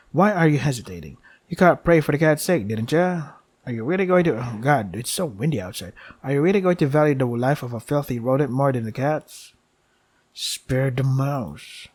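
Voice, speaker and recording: A man playing through a visual novel, reading its text aloud and muttering dry, sarcastic asides between lines, often with a sigh. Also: husky. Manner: sighs often, asides drop soft and low. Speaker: let's play gamer.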